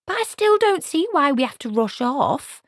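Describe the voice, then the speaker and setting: A woman's voice: high voice, big pitch swings, moderate pace, dry recording, clean studio sound, voice pushed up. A woman voicing a timid, earnest young witch who speaks hesitantly. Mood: persistent. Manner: hesitant, pleading.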